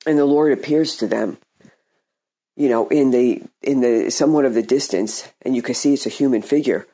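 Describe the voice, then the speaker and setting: A man preaching an informal sermon in a halting, conversational way, often repeating words and restarting phrases. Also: mid-range voice, dark tone.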